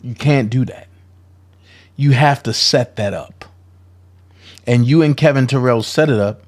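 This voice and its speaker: A man's voice: mid-range voice, a little slow. A man giving confrontational, profane commentary, calling people out in a heated rant. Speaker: commentary vlogger.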